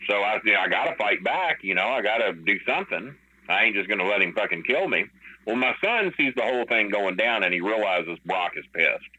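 Male podcast guest with a low, bright, forceful voice, swearing freely and rambling through a backstage story, slightly muffled audio. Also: animated, brisk, husky. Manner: profane, rambling, with many fillers. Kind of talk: casual storytelling.

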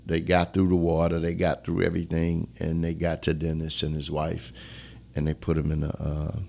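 A middle-aged man with a very low voice. He is a former police chief telling his story earnestly in an interview, dropping to a low hush at heavy moments. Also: creaky. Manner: earnest, reflective, drops to a low hush when emotional.

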